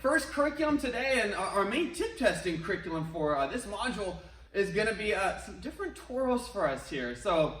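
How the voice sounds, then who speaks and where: High-voiced guy leading a martial arts warmup, talking through a mask, echoey studio, kinda far from the mic. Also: sing-song, a little fast. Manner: upbeat, encouraging, chatty with asides. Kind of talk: online workout class instruction. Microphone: wears a face mask while talking. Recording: roomy echo, distant from mic.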